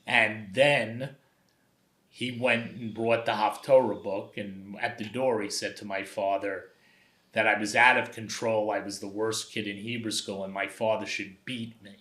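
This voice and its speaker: Here the same kind of Brooklyn, New York voice: an older, forceful man with fairly low pitch and an unhurried pace. As a documentary photographer on as a guest, he tells lively anecdotes in conversation, impersonating quoted speakers, and the recording carries a roomy echo.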